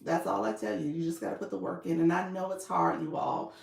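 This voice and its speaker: A woman's voice: lowish voice, steady tone, fairly quick, creaky. A woman coaching viewers on a live stream, chatting casually, laughing often and reading their comments aloud. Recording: echoey room.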